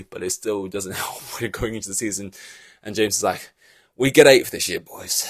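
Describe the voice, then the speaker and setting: A man hosting a casual podcast, rambling in animated reaction chat with loose swearing and lots of fillers. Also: medium pitch, no room sound. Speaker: podcast host.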